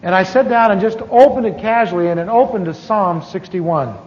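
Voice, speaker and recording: A middle-aged man tells his conversion story from the pulpit in a candid, storytelling manner with wry asides. His voice sits high. The archive recording sounds muffled, with a long hall echo. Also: brisk, darkish tone. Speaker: preacher. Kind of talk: testimony sermon.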